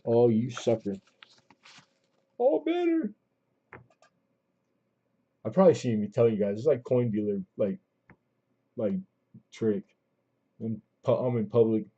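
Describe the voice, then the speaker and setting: A man's voice: on the low side, steady tone, moderate pace, pauses often, dark tone. A man hosting a coin auction livestream, rambling casually with many fillers and restarts, calling out last bids. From Southern California. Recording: dull lo-fi stream audio.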